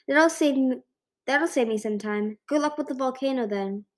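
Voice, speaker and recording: A woman's voice: sits high, moderate pace, voice pushed up, lightly acted. A woman voicing a determined young female dragon with dry, clipped retorts. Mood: curt.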